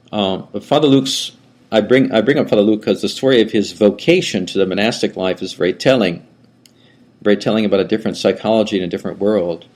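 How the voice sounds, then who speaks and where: An older male priest gives a relaxed class lecture in a fairly low voice. He wanders through asides and often restarts his sentences. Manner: rambling, with frequent restarts and asides. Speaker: Orthodox priest teaching a class. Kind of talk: conversational lecture.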